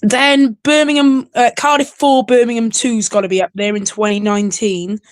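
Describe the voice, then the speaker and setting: Relaxed chatty woman on a stream. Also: fairly high pitch, normal speed, clear, resonant tone, dry recording. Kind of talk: casual call-in chat.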